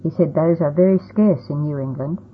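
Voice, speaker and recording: A woman's voice: deep voice, normal speed, a little hiss or hum, natural voice. Commanding old grandfather, as a woman reads him. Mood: explaining. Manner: commanding, firm. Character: stern, proud old colonial grandfather. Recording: tinny phone-like audio.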